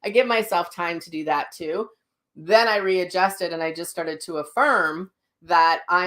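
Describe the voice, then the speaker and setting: A woman's voice: fairly low pitch, a little slow, fairly bright tone. A middle-aged woman hosting a casual live chat, blunt and self-mocking, with frank language as she reads viewer comments. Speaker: psychic medium hosting a daily live session.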